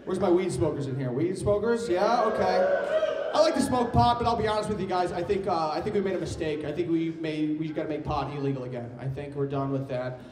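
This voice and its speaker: A brash young comedian works the room with a high, crude delivery. His voice rings through an echoey club. Crowd noise hangs around him, and he sounds set back from the mic. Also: a little fast, far from the mic. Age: young adult. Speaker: stand-up comedian.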